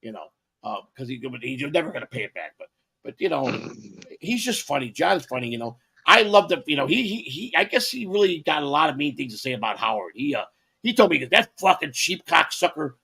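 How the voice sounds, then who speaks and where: A man's voice: fairly high pitch, sing-song, a little fast, vocal fry, pushed and bright, slightly rough. A man co-hosting a podcast, telling rambling stories with lots of repeats and swearing. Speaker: podcast co-host. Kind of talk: rambling casual storytelling.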